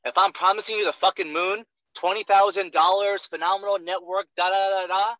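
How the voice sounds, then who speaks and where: A young man coaches a sales trainee in a blunt, profane rush, hammering each point and checking in with "right?" again and again. His voice sits a little high and very bright, and the dry, close sound comes through a dull lo-fi recording. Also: fairly even intonation, fairly quick, dry recording. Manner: profane, emphatic, keeps asking "right?". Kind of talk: blunt one-on-one coaching talk.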